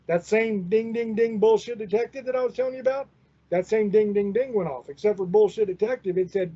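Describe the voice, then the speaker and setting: A man's voice: sits high, brisk, warm tone. A man in his forties hosting a show, telling a rambling, profane story in a folksy, casual way. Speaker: host. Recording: dull lo-fi recording.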